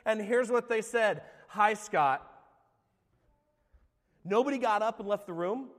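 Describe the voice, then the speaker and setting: Speaking briskly in a high voice, a middle-aged former youth pastor from California tells his personal testimony in a church with big-room acoustics. His delivery is earnest and confessional, moving between loud passages and hushed ones.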